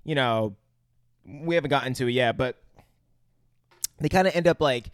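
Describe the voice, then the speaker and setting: A man's voice: mid-range voice, moderate pace, smooth, dry recording, studio quality. A man co-hosting a podcast, chatting casually and joking about a movie. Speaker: podcast co-host. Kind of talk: casual movie recap chat.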